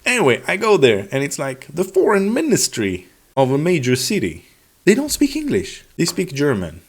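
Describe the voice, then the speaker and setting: A man talking casually to camera in a vlog, sarcastic and animated, acting out officials' replies in mock voices. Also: on the high side, moderate pace. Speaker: vlogger.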